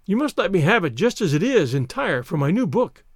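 Smug mocking young writer, read by a man, firm, lively pitch, dry close sound. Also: a little fast, dry recording, heavily acted.

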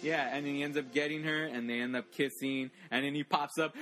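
Man, casual chat, excitable, restless fillers, a bit high, music faint behind. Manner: excitable, lots of fillers and quick movie-line impressions. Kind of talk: casual chat about a movie.

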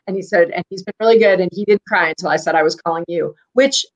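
A middle-aged woman, a physician and guest, telling stories in a clear, composed and measured way in a casual interview. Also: fairly low pitch, muffled recording. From United States.

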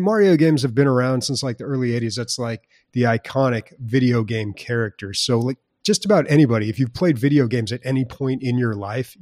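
A man's voice: medium pitch, darkish tone, no room sound, clean studio sound. A man co-hosting a podcast in casual chat, rambling with plenty of fillers and restarts. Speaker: podcast co-host.

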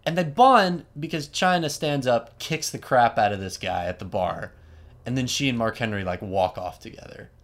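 A man host casually retelling a story, animated and chatty, with frequent asides and fillers. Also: mid-range voice, moderate pace.

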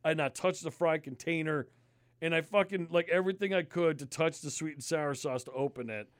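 Brief: male podcast host, slightly high voice, animated profane ranting, dry close mic. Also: brisk, no echo. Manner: animated, swears constantly, disgusted ranting. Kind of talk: casual profane storytelling.

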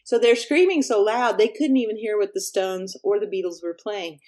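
A middle-aged woman musician from Texas, chatting as an interview guest and telling lively stories, acting out quotes and laughing often. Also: mid-range voice, normal speed. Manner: animated storyteller, laughs often, acts out quotes. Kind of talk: casual interview chat.

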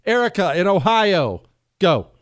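A man's voice: high voice, unhurried. A middle-aged man hosting a radio talk show, delivering an opinionated, sarcastic monologue. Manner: animated, sarcastic, mocks others in put-on voices.

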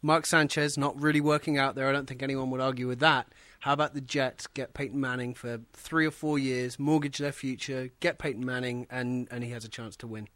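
Man, regular podcast guest, bright voice, dry mic, measured. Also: medium pitch, fairly even intonation, no room sound. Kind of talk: casual sports podcast banter.

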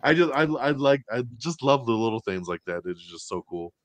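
A man co-hosting a casual movie review show, talking in an animated way, acting out characters' lines and swearing casually. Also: mid-range voice, a little fast, dry recording. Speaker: podcast co-host.

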